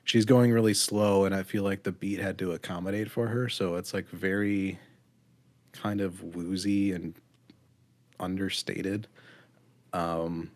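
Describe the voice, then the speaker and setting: A man's voice: sits low, steady tone, a little slow, a little mellow, no room sound. A man co-hosting a podcast, giving a blunt, critical album review in casual chat with frequent ums. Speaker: podcast co-host.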